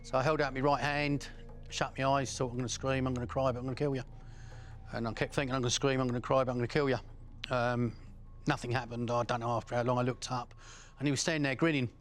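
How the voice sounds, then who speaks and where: A man's voice: mid-range voice, flat delivery, quick pace, soft background music. Blunt man telling his story. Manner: blunt, rambling with fillers. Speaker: interviewee. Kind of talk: recounting his past in an interview.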